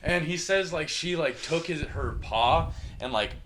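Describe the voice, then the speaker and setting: A man casually retelling a wild story on a podcast, crude and animated, acting out the people he quotes. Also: fairly high pitch, measured pace. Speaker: podcast host.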